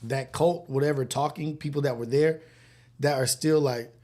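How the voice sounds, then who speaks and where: A man's voice: on the high side, fairly even intonation, normal speed, warm tone. Profane, laid-back male stream host. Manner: loose, profane, laughs often. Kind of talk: casual live-stream chat.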